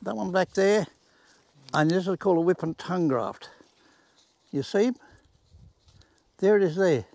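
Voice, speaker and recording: Folksy old man, high voice. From Australia. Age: 80s. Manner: plain-spoken, folksy, uses rural sayings. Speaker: home gardener. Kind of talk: casual demonstration. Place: outdoors in a garden.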